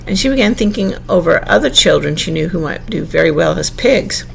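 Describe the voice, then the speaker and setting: Gravelly woman reading a storybook. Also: lowish voice, animated, a little hiss or hum, rough recording. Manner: unhurried, self-correcting. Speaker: narrator.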